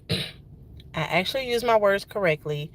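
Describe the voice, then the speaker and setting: A woman in her thirties with a Georgia accent vents casually on a livestream, using folksy Southern slang and repeating lines for emphasis. Her medium-pitched voice is expressive and unhurried.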